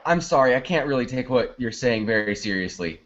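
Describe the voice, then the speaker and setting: A man's voice: medium pitch, lively intonation, fairly quick, fairly bright tone, lightly acted. A man improvising a brash, blunt male morning-show co-host who gets impatient, in a comedy scene over a lo-fi online call. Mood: mocking. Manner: blunt, impatient, breaks into laughter. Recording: dull lo-fi online call audio.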